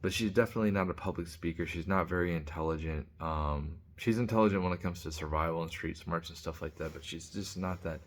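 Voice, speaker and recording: A man with a low, deep voice talks through a casual opinion monologue. He is blunt and rambling, restarting sentences and leaning on filler words as he goes. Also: fast, hardly any pauses, slight background noise. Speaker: commentator.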